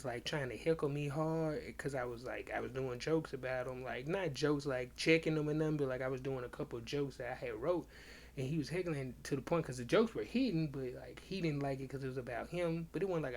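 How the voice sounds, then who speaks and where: A young man, a comedian hosting his own podcast, telling stories in loose slang and acting out both sides of old arguments in casual livestream chat. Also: a little high.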